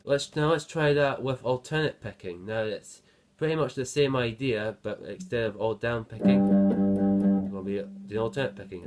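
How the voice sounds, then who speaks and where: Man, guitar teacher, patient, counts beats aloud, steady monotone, loud guitar playing. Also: fairly low pitch, measured pace. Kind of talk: spoken guitar lesson.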